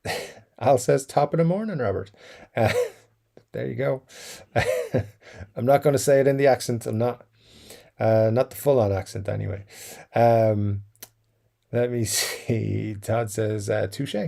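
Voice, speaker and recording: Gravelly-voiced man chatting on a livestream. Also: mid-range voice, level tone, slow pace, long pauses, dark tone. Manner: rambling, many fillers and chuckles. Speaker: livestream host reading chat. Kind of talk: casual live-stream chat.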